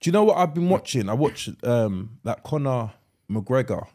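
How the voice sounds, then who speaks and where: A man's voice: mid-range voice, sing-song, moderate pace, darkish tone. A man co-hosting a podcast, chatting casually, often repeating words and teasing his co-host. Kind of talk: casual chat.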